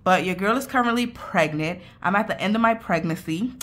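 A woman's voice: mid-range voice, fairly quick, fairly bright tone. A young woman hosting a budgeting vlog, chatty and playful, speaking straight to her viewers and a little out of breath. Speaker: budgeting channel host. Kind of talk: casual vlog talk.

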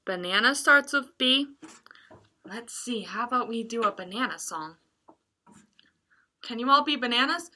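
Slow, bright sing-song woman storyteller. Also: fairly high pitch, animated. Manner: sing-song, playful, with animal sounds and laughs. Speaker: children's librarian. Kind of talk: reading a picture book aloud to young children.

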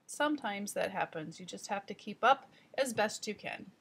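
A woman teaching trainees in an instructional voice-over, explaining deliberately and speaking straight to the viewer. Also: medium pitch, expressive, creaky, a bit bright, husky.

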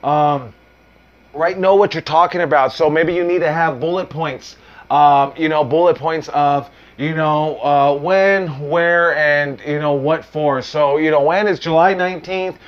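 A man's voice: on the high side, fairly even intonation, a little slow, muffled recording. A man coaching on wrestling promos in a loose, casual talk, full of fillers, restarts and the odd swear word. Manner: uses mild profanity.

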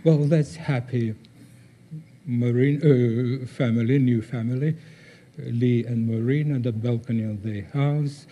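An older man gives a conference talk over slides, halting, with many pauses and fillers. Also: medium pitch, steady tone, dark tone, muffled recording. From former Soviet Union. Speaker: guest speaker.

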